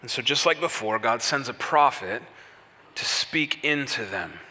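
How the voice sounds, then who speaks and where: Bright-voiced male preacher in a hall. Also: mid-range voice, a little slow, husky. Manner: animated storytelling with rhetorical questions. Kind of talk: sermon. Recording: echoey hall reverb.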